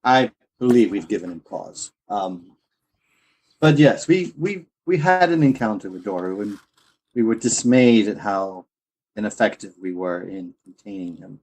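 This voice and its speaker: A man voicing a rakish nobleman with a walrus mustache, low-pitched and smooth, laying on the courtly flattery. It is a tabletop role-play character, and he performs it close to his own voice. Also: unhurried, rough recording. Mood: flirtatious.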